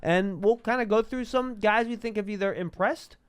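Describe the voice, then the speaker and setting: A man hosting a casual sports talk show, chatty and quick, with many fillers and restarts. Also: high-pitched, clear, resonant tone. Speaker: podcast host. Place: studio.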